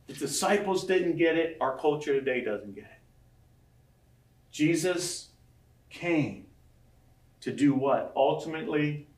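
A man preaching a sermon as pastor, animated, acting out scripture quotes and asking the room questions. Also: mid-range voice. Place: large room with audience. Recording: echoey room from far off.

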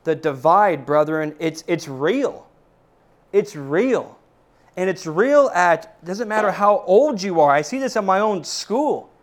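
Guy preaching in church, pretty high voice for a man, earnest, keeps stumbling and repeating words, calls everyone brethren. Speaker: pastor. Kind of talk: sermon. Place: church service.

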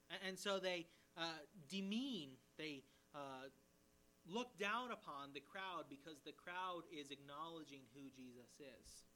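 A man as a pastor, teaching a sermon verse by verse with lively emphasis and paraphrased quotes. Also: on the high side, a little hiss or hum.

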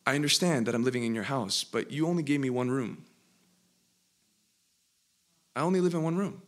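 A male preacher voicing Jesus in a parable, speaking calmly and with measured instruction. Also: medium pitch, lightly acted. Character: calm, patient Jesus speaking gently.

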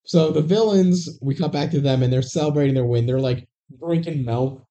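A man's voice: fairly high pitch, normal speed, dark tone. A man co-hosting a podcast, casually retelling a movie's plot with lots of fillers and restarts. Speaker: podcast co-host. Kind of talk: casual movie recap chat.

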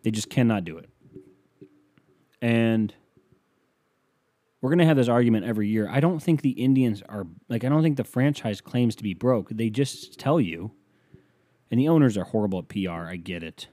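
A man's voice: fairly low pitch, animated, moderate pace, long pauses, mellow, no echo. A man hosting a solo podcast, rambling and swearing casually as he jumps between topics and keeps interrupting himself. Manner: rambling, profane, self-interrupting. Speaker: podcast host.

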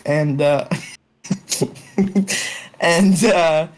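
A man's voice: a little high, drawn-out words, smooth. A young man telling a long story to friends over a call, rambling with lots of fillers and swearing. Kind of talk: casual chat. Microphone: online call.

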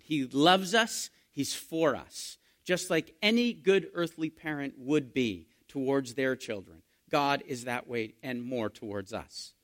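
A male pastor preaching a sermon, asking his listeners questions and moving between hushed and emphatic delivery. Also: medium pitch. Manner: dynamic preaching, asks the congregation questions, swings from hushed to loud.

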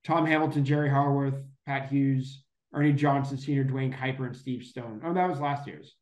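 A man's voice: medium pitch, fairly even intonation, moderate pace, a little mellow, echoey room. A man co-hosting a casual podcast chat, rambling with many fillers and self-corrections. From Boston area. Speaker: podcast co-host.

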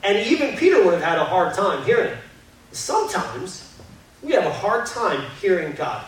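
High-voiced man preaching in an echoey hall. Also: sing-song. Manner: conversational, earnest, shifts between quick asides and slow emphasis. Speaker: pastor. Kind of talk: sermon. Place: church sanctuary. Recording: distant mic in a very echoey hall with faint guitar.

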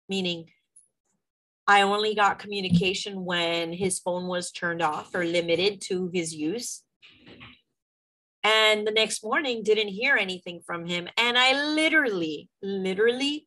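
A woman's voice: medium pitch, fairly bright tone, low-quality recording. A middle-aged woman, a mother, telling a personal story in a candid, emotional, venting way with some swearing.

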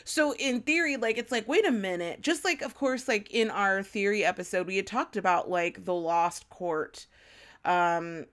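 A young woman, chatting loosely as a podcast co-host. She rambles, piles up fillers, and swears freely, then breaks into high, shrieking laughter. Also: normal speed, fairly bright tone. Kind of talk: casual fan podcast chat.

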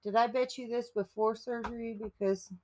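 A woman co-hosting a podcast in casual chat, cracking wry deadpan jokes and swearing. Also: on the high side, moderate pace. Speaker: podcast co-host.

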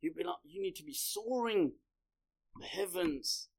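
A proud eagle that presses its point with urgent questions, as a man puts it on in his lecture. The voice sits a bit high and lively, the kind used when a storyteller acts out one character in a spoken tale. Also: measured pace, full character voice. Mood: urging. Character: proud majestic adult eagle, insistent.

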